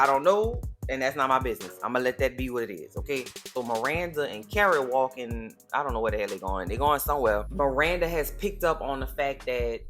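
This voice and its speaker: A woman's voice: very deep voice, a bit bright. A woman giving a casual TV episode recap in sassy, blunt commentary full of slang. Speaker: TV recap vlogger.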